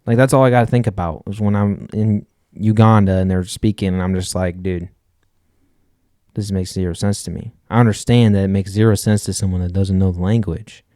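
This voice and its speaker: A man's voice: on the low side, fairly even intonation, brisk, hardly any pauses, warm tone, dry recording, clean studio sound. A man co-hosting a podcast, arguing his point insistently in casual chat and restarting his sentences. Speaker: podcast co-host.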